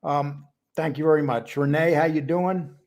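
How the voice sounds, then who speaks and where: A man's voice: on the high side, fairly even intonation, normal speed, darkish tone. A man hosting a live stream in a casual, chatty way, greeting viewers by name one after another. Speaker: host of a live stream show.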